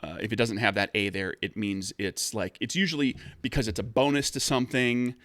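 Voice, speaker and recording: Guy gm-ing a tabletop rpg, lowish voice, lots of ums, dry close sound. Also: steady tone, fairly quick, fairly bright tone, no echo. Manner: rambling, many fillers and restarts. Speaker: game master. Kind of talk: narrating a tabletop game.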